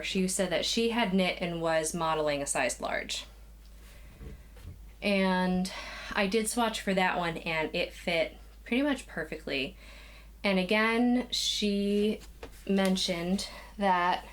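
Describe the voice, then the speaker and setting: A young woman chatting casually to camera from a small craft room at home, a little out of breath, rambling with sighs and restarts. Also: on the low side. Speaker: knitting podcast host. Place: small spare room used as a craft nook. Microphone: camera, moving in and out of frame.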